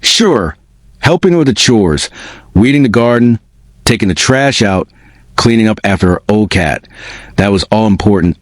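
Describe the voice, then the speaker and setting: A man with a fairly low voice reads a first-person spooky tale aloud. His delivery is expressive and lively in pitch, and the recording is close and dry. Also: moderate pace, no echo. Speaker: narrator. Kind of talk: first-person storybook narration.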